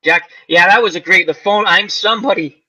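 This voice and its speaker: A man hosting a casual chat about old comedy movies, animated and laughing as he acts out lines. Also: high voice, a little fast, poor audio. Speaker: channel host.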